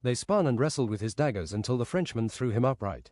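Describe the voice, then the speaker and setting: A man's voice: mid-range voice, lively intonation, fast talker, darkish tone. A man streaming a game while improvising a rambling, absurd fantasy story.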